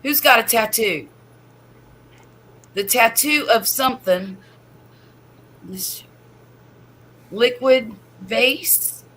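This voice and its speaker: A woman's voice: a little high, drawn-out words, long pauses, fairly bright tone, low-quality recording. A woman, hosting a chatty livestream from home and laughing often. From US Gulf Coast. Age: 50s. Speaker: livestream host. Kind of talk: casual livestream chat.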